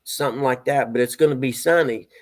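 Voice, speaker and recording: A man's voice: medium pitch, quick pace. A middle-aged man hosting a casual live stream, chatting and greeting viewers by name. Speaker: stand-in host of a live stream.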